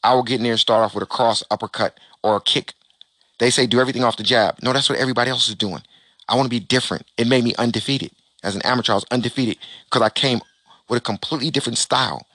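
Emphatic man giving a lively stage talk. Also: medium pitch, quick pace, dry recording. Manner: emphatic and animated, with repeated phrases and acted-out dialogue. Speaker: real estate investor speaking on a panel. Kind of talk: motivational stage talk to an audience.

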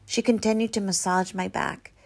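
A woman reading a novel aloud, with dramatic storytelling that turns soft and hushed in quiet passages. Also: mid-range voice, fairly even intonation, normal speed. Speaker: reader.

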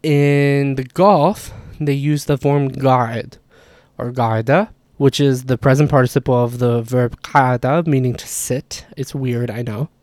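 A man's voice: medium pitch, fairly even intonation, measured pace, darkish tone, no room sound. A man teaching Arabic grammar in a chatty lesson, thinking aloud with fillers and restarts. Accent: Levantine Arabic speaker. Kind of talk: casual explainer lesson.

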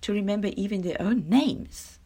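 A woman voicing a proud, haughty male lion in a storybook reading, speaking slowly and grandly. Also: mid-range voice, dark tone, husky, close to an everyday voice. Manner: pompous, slow and grand.

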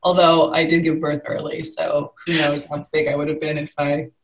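A young adult woman, a guest in a conversational interview, speaking candidly and telling her story with lively swings in pitch. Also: normal speed, reverberant, a crowd in the background, rough recording.

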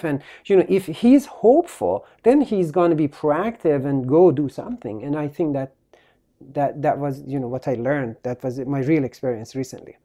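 A male physician telling a story as a podcast guest, halting and full of restarts. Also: on the high side, dark tone. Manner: halting, with many restarts and trailing phrases.

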